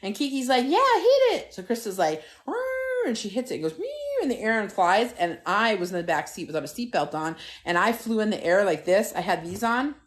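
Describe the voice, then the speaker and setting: A woman's voice: medium pitch, brisk, few pauses. A middle-aged woman hosting a live stream from a phone at home, chatting casually and telling stories with lots of swearing, talking straight to her viewers. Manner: animated, profane, talks straight to viewers. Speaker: TikTok live host.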